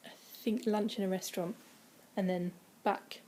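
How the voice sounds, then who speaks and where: A woman chatting casually from home in a vlog, rambling with many ums and dropping into quiet, breathy asides. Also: mid-range voice, steady tone, moderate pace. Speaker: vlogger. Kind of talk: casual weight-loss vlog. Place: indoors at home, by a window.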